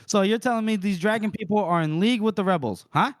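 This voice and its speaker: A man's voice: high voice, quick pace, no echo, clean studio sound, voice pushed up. A man voicing a pompous, self-important soldier of fortune, with grand, theatrical delivery, while recapping a novel on a podcast.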